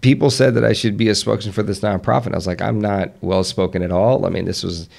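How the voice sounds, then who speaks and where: A man's voice: on the low side, steady tone, fast talker, vocal fry, darkish tone. A man in his thirties from the Southern United States with a faint Southern accent, a podcast guest talking earnestly with frequent restarts. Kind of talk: casual conversation.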